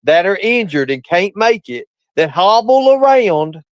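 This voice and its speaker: High, lively-voiced man from ranting. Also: unhurried, no room sound, dull audio. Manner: blunt, profane, defensive, repeats himself for emphasis. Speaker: guest caller on a live stream. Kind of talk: ranting casual chat.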